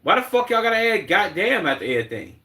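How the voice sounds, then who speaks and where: A man's voice: high-pitched, big pitch swings, fast talker, sharp tone, distant mic, pitched above the performer's own voice, heavily acted. A man putting on a mocking, exaggerated Atlanta accent as a whiny figure who keeps repeating the same words. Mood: mocking whine. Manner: exaggerated drawl, repeats goddamn and bro. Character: whiny high-pitched mock Atlanta man.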